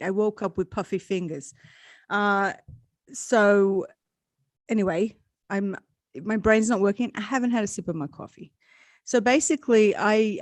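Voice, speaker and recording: A woman's voice: mid-range voice, no room sound. A woman hosting a casual live-stream chat, rambling and laughing often. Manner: chatty, rambling, laughs a lot. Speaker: host.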